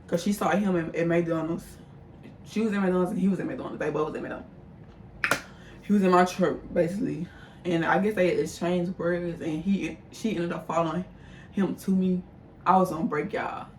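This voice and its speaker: A woman's voice: on the low side, fairly even intonation, normal speed, a little mellow, recorded from a distance. A young woman casually telling a personal story to her viewers, chatty and talking straight to the audience. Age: young adult. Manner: chatty, addresses viewers as y'all. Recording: roomy echo, voice a bit off-mic, faint background hum.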